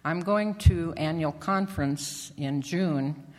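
A lay member of a church speaks from the pulpit, giving a halting testimony and announcements full of fillers and restarts. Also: medium pitch. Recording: long reverb of a church hall.

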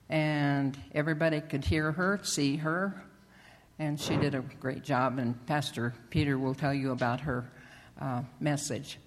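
A lay member of a church speaks from the pulpit, giving a halting testimony and announcements full of fillers and restarts. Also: mid-range voice. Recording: long reverb of a church hall.

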